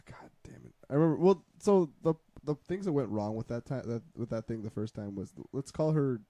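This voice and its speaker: A man's voice: medium pitch, lively intonation, fairly quick, mellow, no room sound. A man in casual chat, rambling through a personal story with many restarts. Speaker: podcast co-host.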